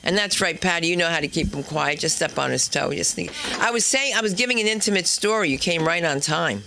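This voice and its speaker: A woman doing a stand-up comedy set and hosting the night, chatty and brash, jumping into loud high bits. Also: lively intonation, a little fast, creaky, slight background noise. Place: comedy club stage.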